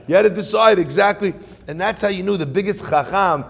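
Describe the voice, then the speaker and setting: A middle-aged rabbi delivers a sermon to an audience in a big-sounding room, telling stories and posing rhetorical questions in Yiddish-flavored phrasing. His voice sits high and a bit bright, with vocal fry and a fairly quick pace.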